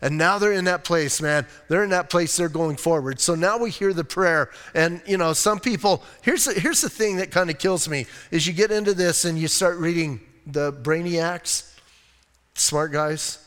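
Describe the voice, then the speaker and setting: High-voiced pastor preaching in a reverberant church. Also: male voice, moderate pace, fairly bright tone, clean tone. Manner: conversational, keeps saying "listen, man"; emphatic, rises on key points. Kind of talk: sermon.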